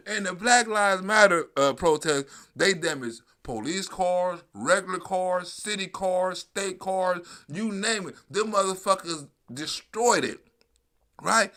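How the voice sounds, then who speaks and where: A man's voice: high-pitched, unhurried, pushed and bright. A middle-aged man from New York giving profane, mocking live-stream commentary on news clips, laughing and swearing constantly.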